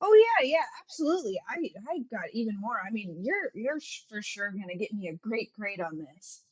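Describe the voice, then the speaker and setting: A woman's voice: medium pitch, very animated, brisk, breathy edge, lo-fi sound. A woman playing a tabletop game in character, hesitant and full of fillers, with a sly edge. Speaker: player.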